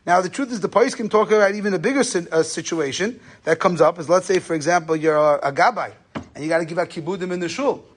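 A man's voice: high-pitched, quick pace, slight background noise. A man giving a conversational Torah lesson on Jewish law, telling stories and using Yiddish and Hebrew terms. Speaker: rabbi lecturer.

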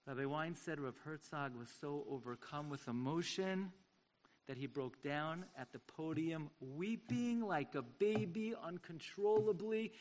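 A man giving an impassioned sermon-style story at a community event, swinging from hushed to loud. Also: a little high, measured pace, slight background noise.

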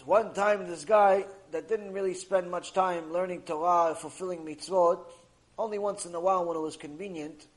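A man teaching Torah through a story, telling it in an animated way and acting out each character. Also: high-pitched, moderate pace, poor audio. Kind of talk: storytelling lesson.

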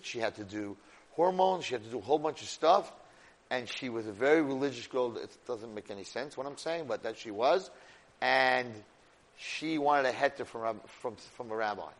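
A man teaching a Torah class, speaking expressively and directly to his students, mixing in Hebrew terms. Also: medium pitch. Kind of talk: animated Torah lecture.

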